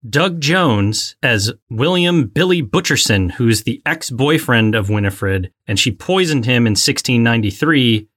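A woman's voice: very deep voice, lively intonation, measured pace, few pauses. A woman co-hosting a casual movie podcast, playful and giggly as she runs through the cast and facts. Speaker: podcast co-host.

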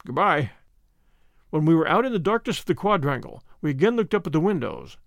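Expressive male audiobook narrator. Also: fairly high pitch, quick pace, vocal fry, dry recording. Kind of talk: scripted narration.

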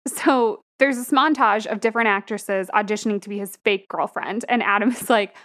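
A woman's voice: medium pitch, brisk, fairly bright tone. A young woman co-hosting a podcast, casually recapping a film plot and laughing often as she talks. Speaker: podcast co-host. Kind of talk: casual movie review chat.

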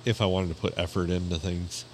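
A man's voice: deep voice, level tone, fairly quick. A man co-hosting a podcast in a dry, laid-back chatty manner. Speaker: podcast co-host. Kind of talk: casual banter.

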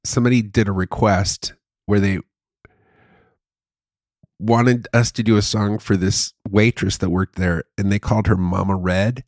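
Casual co-host, male, gravelly and low, loves a running gag. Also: steady tone, unhurried, a little mellow, dry recording, studio quality. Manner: jokey, goes into comic bits and repeats them. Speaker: podcast co-host. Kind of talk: casual chat.

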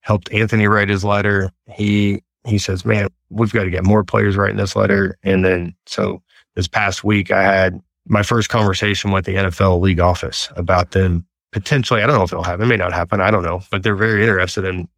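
Guy telling his story in an interview, gravelly voice, dry close sound. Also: sits low, a little fast, no room sound. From Texas. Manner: earnest, animated storyteller. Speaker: guest.

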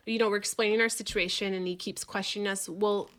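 A woman in her forties telling a story in casual chat, animated and swearing freely as she acts out what people said. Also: mid-range voice, fast talker. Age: 40s.

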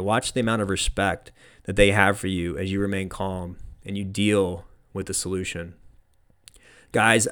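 A man's voice: low voice, fairly bright tone, clear, resonant tone. A young man giving an earnest motivational talk on leadership, often repeating phrases for emphasis. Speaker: leadership speaker.

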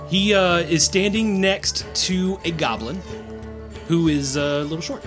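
A man running a tabletop game as game master, narrating in a lively, casual, playful way. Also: high voice, takes it slowly, soft background music.

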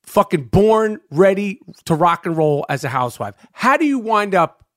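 A man's voice: high voice, sing-song, normal speed, a bit bright, dry recording, clean studio sound. A man hosting a casual interview, asking long rambling questions full of filler words and swearing. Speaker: podcast host.

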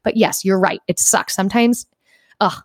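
A young adult woman from the United States co-hosting a podcast, chatting and telling animated stories with a bit of swearing. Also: medium pitch, normal speed, no echo, studio quality. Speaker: podcast co-host. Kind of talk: casual chat.

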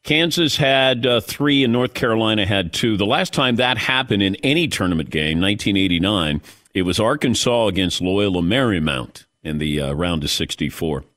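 A man's voice: fairly low pitch, normal speed, no echo, studio quality. A man hosting a sports talk show, chatting casually with his crew and joking around. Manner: animated, joking, drops into mock Italian voices. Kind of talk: casual sports radio banter.

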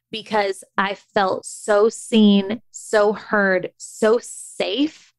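A woman's voice: mid-range voice, no room sound. A woman in her thirties telling a personal story in a candid, emotional way, full of fillers and restarts. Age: 30s.

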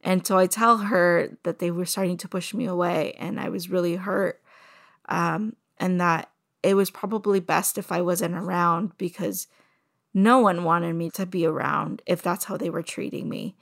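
A woman telling her own story as a personal testimony, soft and halting, with many pauses and fillers. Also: fairly low pitch, steady tone, vocal fry.

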